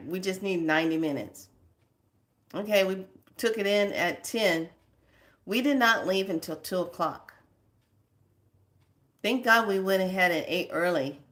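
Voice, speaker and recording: A woman's voice: on the low side, fairly bright tone. A woman hosting her own spiritual vlog, talking casually and telling exasperated stories with frequent laughter. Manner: chatty, exasperated storytelling, laughs often. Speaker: spiritual vlogger.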